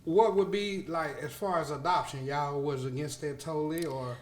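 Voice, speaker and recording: A man's voice: on the high side, moderate pace. A man co-hosting a podcast who affirms the guest often and asks follow-up questions. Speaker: podcast co-host. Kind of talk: casual interview. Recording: roomy echo.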